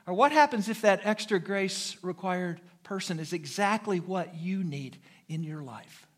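Preaching from the pulpit, a middle-aged pastor from the United States livens up his stories with humour and vocal sound effects such as mimicked horn beeps. He speaks unhurriedly in a high voice.

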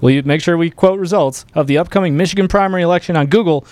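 A man hosting a live political talk show, speaking in an animated, emphatic way. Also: a little high, racing, no room sound. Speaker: host.

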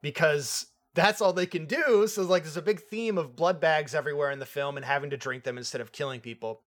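A young man co-hosting a casual movie review podcast, excitable, laughing often and swearing casually. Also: on the high side, a little fast. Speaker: podcast co-host.

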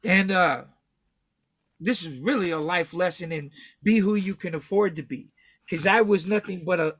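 A man's voice: high-pitched, dry recording, studio quality. A man from Texas telling a story from his own life as a guest, full of slang and swearing, acting out what people said. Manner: profane, slangy, acts out quotes loudly. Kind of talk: casual storytelling.

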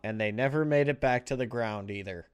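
A man's voice: mid-range voice, fairly quick, clean tone. A man chatting casually on a gaming podcast, blunt and joking, swearing freely. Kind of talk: casual podcast chat about games.

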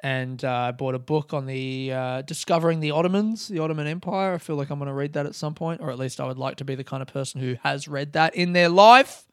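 A man's voice: on the high side, quick pace, few pauses, smooth, no echo, studio quality. A man with an Australian accent hosting a solo podcast, telling rambling stories in casual chat full of swearing. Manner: rambling, heavy swearing, animated storytelling.

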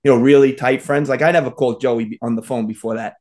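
A man's voice: medium pitch, steady tone, fast, darkish tone. A man on a podcast telling a long story in a rambling way, full of fillers and restarts. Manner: rambling, full of "like" and "you know". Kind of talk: casual storytelling chat.

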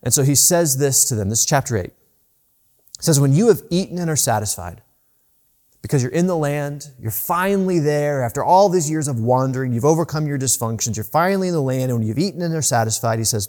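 A man preaching a sermon as pastor, rising and slowing down to stress the scripture he reads. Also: mid-range voice, lively intonation, a little mellow. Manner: earnest preaching, rises and slows to stress scripture. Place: church.

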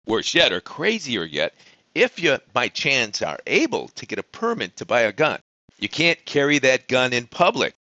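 A man's voice: mid-range voice, wildly swooping pitch, normal speed, pushed and bright, no echo, dull audio. A man delivering a sarcastic, ranting explainer monologue that keeps asking the listener questions. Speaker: vlogger on life in Mexico.

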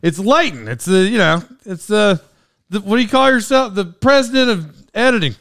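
Man in his forties, smooth resonant voice, casual rambling storyteller, dry room. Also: sits high, animated, normal speed, fairly bright tone, no echo. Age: 40s. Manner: rambling, self-interrupting, laughs at himself. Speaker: podcast host.

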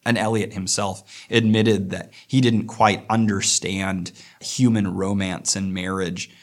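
A man teaching a poetry lesson, explaining verse and slowing down to read lines aloud thoughtfully. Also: low-pitched, little pitch movement. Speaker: literature teacher.

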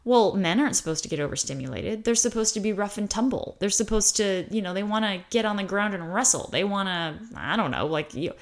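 An American woman explaining a topic in a casual monologue, animated and given to acting out quoted voices. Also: fairly quick, few pauses. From United States. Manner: animated, acts out quoted voices with pitch jumps. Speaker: host talking about high sensitivity.

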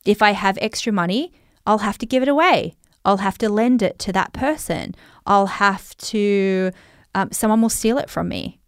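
A woman's voice: mid-range voice, normal speed, dry recording, clean studio sound. An Australian woman coaching listeners on money in a chatty, reflective way, with many fillers. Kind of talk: talking straight to listeners.

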